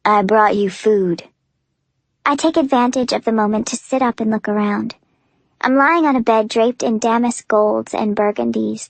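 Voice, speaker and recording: Young woman narrating an audiobook, high voice, super emotive and breathless, dry close mic. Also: creaky, dry recording. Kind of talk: first-person audiobook narration.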